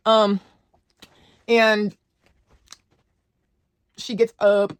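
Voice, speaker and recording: A woman's voice: a little high, moderate pace, dry recording. Young woman telling a story time. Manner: animated, slangy, talks straight to viewers. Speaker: storyteller vlogger.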